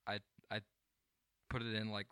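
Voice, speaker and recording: Bright, dry-voiced man laughing often. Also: on the low side, monotone, normal speed, clean tone, no echo. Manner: laughs often, rambling with restarts. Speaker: podcast co-host. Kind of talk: casual chat.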